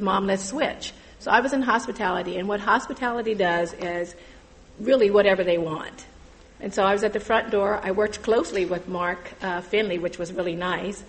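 A middle-aged woman giving an earnest personal testimony about volunteering at church, halting and full of fillers. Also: mid-range voice, low-quality recording.

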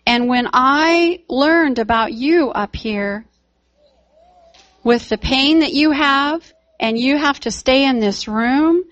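A woman telling a story voices an older man who slowly and sincerely confesses that he has been humbled. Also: high voice, a bit bright, no room sound, highs cut off.

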